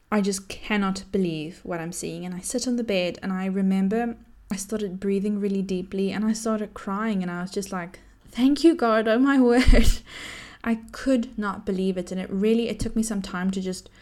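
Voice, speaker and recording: A woman, telling a personal story to camera in a chatty, animated way and laughing often. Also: mid-range voice. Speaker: vlogger.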